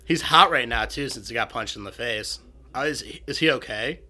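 Young male co-host, bright forceful voice, riffs loosely and swears freely. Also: mid-range voice, fairly quick. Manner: animated, profane, acts out quotes for laughs. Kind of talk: casual chat.

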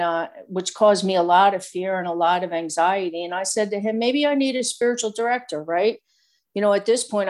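A woman's voice: on the low side, darkish tone. A middle-aged woman giving a candid, rambling personal testimony full of fillers. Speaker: speaker sharing recovery story.

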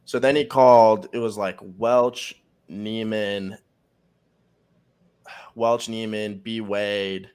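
Low-voiced young man telling a story. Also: fairly even intonation, takes it slowly, long pauses, darkish tone, clear, resonant tone. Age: young adult. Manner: rambling, filler-heavy, profane. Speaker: college football player guest. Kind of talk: casual storytelling.

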